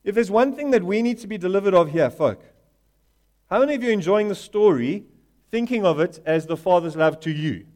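A man preaching a sermon, building to loud emphatic questions and answers, and acting out the characters of the story he tells. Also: sits high, lively intonation, fairly quick. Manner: rising to loud emphatic call-and-response; acts out Bible characters in quoted voices. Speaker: pastor.

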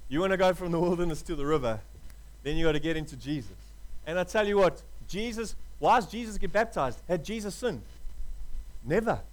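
A man preaching a sermon with passion, dropping to a hush and rising to loud appeals, calling his listeners "folk". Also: sits high, rough recording. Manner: passionate, swings from hushed to loud.

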